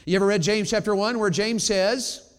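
A man preaching a sermon in a church, swinging between loud emphatic peaks and low quiet asides. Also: normal speed, smooth. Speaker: pastor. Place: church sanctuary. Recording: long reverb of a large church hall.

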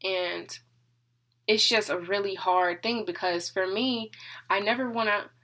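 Young woman, student, candid vlog, bright and sharp tone, rambly and open. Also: mid-range voice, unhurried, low-quality recording. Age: young adult. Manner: open, rambling, thinking aloud. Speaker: college student. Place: her apartment room.

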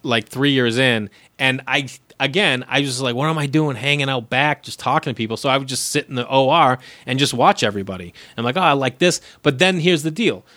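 A comedian from tells his stories with energy, slipping into the voices of the people he quotes. His voice sits at a middling pitch and sounds dry and close to the mic, with no room around it. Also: fairly quick, few pauses, no echo. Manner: animated storyteller, acts out quoted voices, swears freely. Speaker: comedian guest. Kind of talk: casual storytelling chat.

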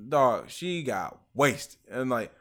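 Bright-voiced profane male podcast co-host. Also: mid-range voice, slow. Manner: profane storytelling, animated quoting of friends. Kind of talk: casual chat.

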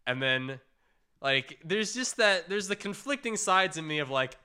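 A young man on a casual chat show tells animated stories with lots of "like" fillers. His voice is bright and forward, and it jumps up high whenever he quotes someone. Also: unhurried, smooth. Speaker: podcast co-host.

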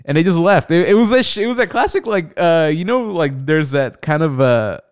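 Animated young man telling a story. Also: a little high, a little fast, clear, resonant tone, no echo, clean studio sound. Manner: animated, profane, acts out quoted voices. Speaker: podcast host. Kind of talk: casual storytelling chat.

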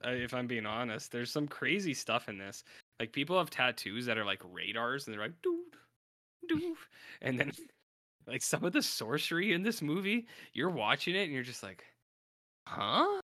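Rambling laid-back man, bright voice. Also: mid-range voice, expressive, normal speed, no echo, studio quality. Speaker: podcast co-host. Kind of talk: casual chat.

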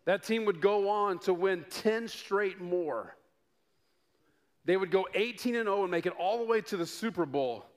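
A middle-aged male pastor from Denver delivers a sermon in a fairly high voice. He spins personal stories with playful asides and builds to excited peaks before dropping low for emphasis. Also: moderate pace. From Denver, United States. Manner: animated storytelling with rising excitement and playful asides.

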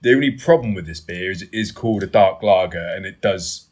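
A man's voice: sits low, a little fast, darkish tone. A man co-hosting a beer review, easygoing and musing over flavours in casual chat.

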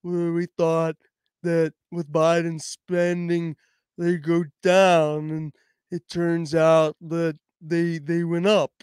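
A man doing a slow, halting impression of an older woman financial official, full of hesitations. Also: on the high side, completely flat delivery, a little mellow, clear, resonant tone, no room sound, studio quality. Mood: sheepish.

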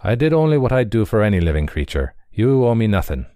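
A man's voice: lowish voice, sing-song, fast talker, dark tone, no echo, clean studio sound, voice pushed up. A man playing a good-humoured but homesick young emigrant, talking earnestly.

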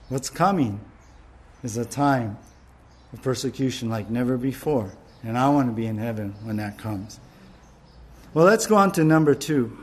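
A man's voice: medium pitch, a little mellow. A man preaching a sermon, fervent and emphatic, often restarting his words as he presses his point. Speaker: pastor.

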